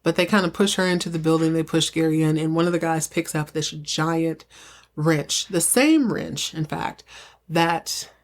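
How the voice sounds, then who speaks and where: A young woman with a slightly low voice talks through a soap episode in a loose, chatty podcast style. She is playful and quick to add her own asides. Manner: chatty, playful, acts out characters' lines in higher voices. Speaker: podcast host recapping a TV soap. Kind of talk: casual solo recap, acting out quotes.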